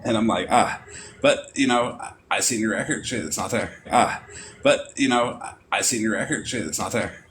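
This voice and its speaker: A man's voice: on the low side, fairly quick, a bit bright, a little hiss or hum, rough recording. A man chatting casually on a live stream, joking with easygoing banter. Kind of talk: casual livestream chat.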